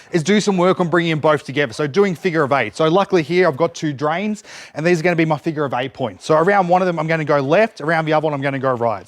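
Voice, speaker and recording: A man's voice: a little high, dry recording. A man demonstrating dog training outdoors, explaining each step while giving his dog short cues and praise. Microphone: camera set up nearby.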